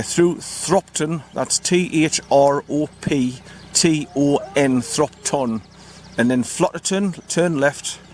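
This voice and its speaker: A man's voice: medium pitch, slight background noise. A man vlogging by his parked car in the countryside, chatty and rambling, spelling out place names as he goes. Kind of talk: casual walking vlog narration.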